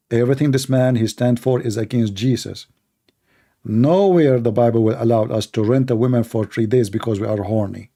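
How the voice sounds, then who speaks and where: A man hosting a live call-in debate stream, talking in a heated, mocking way, his voice hoarse from shouting. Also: medium pitch.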